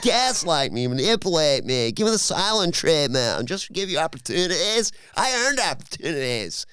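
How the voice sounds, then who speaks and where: A man's voice: lowish voice, very animated, moderate pace, gravelly, fairly bright tone, no room sound, studio quality, heavily acted. A man voicing a brash, defensive young female wrestler who drawls and keeps saying dude and bro. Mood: indignant.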